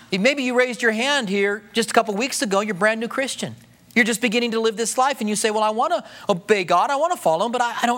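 A man with a high, light voice preaching a sermon to a church congregation. He keeps it conversational, tossing out rhetorical questions. When he voices a prayer, he drops to a soft hush. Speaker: pastor.

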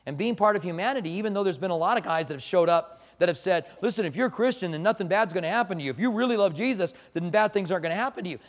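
A pastor teaching a Bible study in a conversational sermon style, moving between quiet reflection and emphatic points. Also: male voice, a little high. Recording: long hall reverb.

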